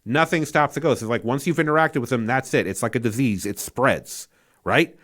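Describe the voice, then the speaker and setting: A man's voice: mid-range voice, moderate pace, fairly bright tone. A man giving a casual spoken movie review, incredulous and exasperated, rambling with fillers and restarts and swearing freely.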